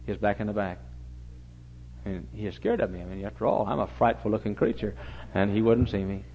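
A middle-aged male pastor preaching a story-driven sermon, swinging from hushed tones to loud exclamations, on a dull lo-fi recording. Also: lowish voice, steady tone, brisk, a little hiss or hum.

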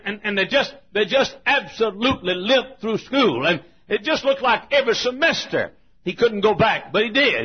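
Male pastor, emotional sermon storytelling; husky, raised pitch; lo-fi muffled recording. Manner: emotional storytelling with repetitions, shifting volume. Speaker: preacher.

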